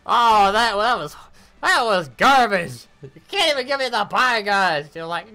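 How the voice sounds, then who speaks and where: A woman giving casual commentary on her mobile game summons, animated and cursing at bad pulls. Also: medium pitch, measured pace. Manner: animated, groaning, swears.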